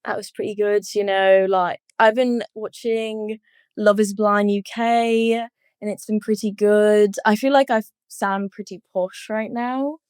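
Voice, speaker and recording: A woman's voice: medium pitch, steady tone, a little slow, darkish tone, smooth, no room sound, clean studio sound. A twenty-year-old woman from Los Angeles, a guest on a casual podcast interview, giggling often and leaning on "like" as she talks. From Los Angeles, USA. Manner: giggly, laughs often, heavy use of "like". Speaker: guest footballer.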